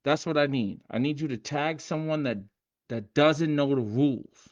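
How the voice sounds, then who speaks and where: A man hosting a casual livestream, hyped and streetwise, repeating himself and shouting out viewers by name. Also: on the high side, moderate pace, lo-fi sound. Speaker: livestream host teaching game rules.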